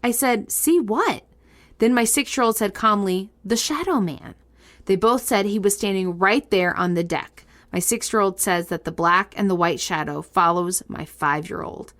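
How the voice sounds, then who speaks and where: A woman co-hosting a casual podcast, reading listener ghost stories aloud with lively reactions and frequent laughs. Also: medium pitch, moderate pace. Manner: animated, laughs often, reacts with disgust. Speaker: podcast co-host.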